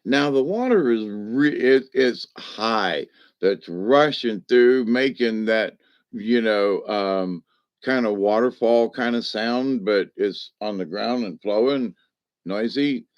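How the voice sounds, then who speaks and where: A man's voice: fairly low pitch, takes it slowly, no echo, dull audio. A man telling a personal story in a casual, rambling way, folksy and meandering, with homespun slang.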